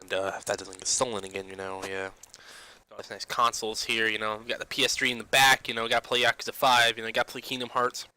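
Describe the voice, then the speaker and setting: On the low side and level in tone, a young gaming vlogger's bright, pushed voice races through a casual rant about games. He pads nearly every phrase with "you know," restarts often and swears occasionally, and the audio quality is poor.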